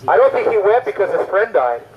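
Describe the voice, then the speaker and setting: A man with a high voice preaching an evangelistic sermon. He talks with emphasis and asks the listeners one rhetorical question after another. The recording sounds dull and lo-fi. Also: sing-song, brisk.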